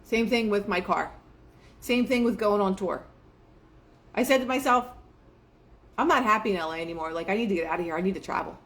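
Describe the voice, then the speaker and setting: Brief: young woman, casual host, chatty with many fillers, mid-pitched voice, motivational talk. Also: a little fast, pauses often. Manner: chatty, filler-heavy, quotes herself and others in lively asides. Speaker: manifestation show host.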